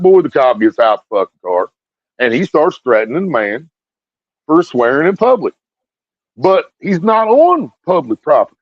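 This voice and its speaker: A man with a somewhat high voice rants bluntly to his viewers and swears heavily. He repeats his phrases as he builds up heat. The recording sounds muffled, dry and lo-fi. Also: slightly rough, dry recording. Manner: blunt, heated, repeats himself with lots of swearing. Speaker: video streamer. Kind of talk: profane ranting commentary to viewers.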